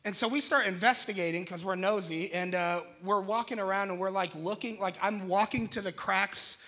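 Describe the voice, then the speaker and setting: Young guy, pastor, telling a funny story, high bright voice, acts out the yelling. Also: moderate pace. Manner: lively, jokey, acts out his own shouts. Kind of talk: animated storytelling to an audience.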